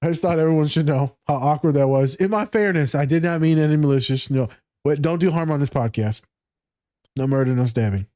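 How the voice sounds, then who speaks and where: A man's voice: on the high side, a little fast, dark tone, no echo, clean studio sound. A man hosting a podcast, telling a self-mocking story in casual chat, laughing often and swearing freely. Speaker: podcast host.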